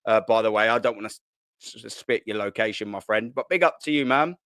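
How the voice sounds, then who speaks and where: A young man, hosting a casual live stream from his kitchen at home, talking in excitable slang, swearing and repeating himself. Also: lowish voice, quick pace, no room sound, studio quality. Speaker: football channel host. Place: at home, sitting at a kitchen island.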